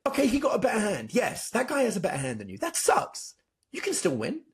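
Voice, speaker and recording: A man, a dating coach, telling animated stories as a podcast guest, acting out both sides of past conversations. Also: high voice, fast. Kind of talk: storytelling in a podcast interview.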